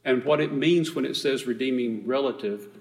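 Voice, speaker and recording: A man teaching a Bible study, reading scripture aloud and explaining it in a relaxed, conversational way, correcting himself as he goes. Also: medium pitch, normal speed, long reverb tail.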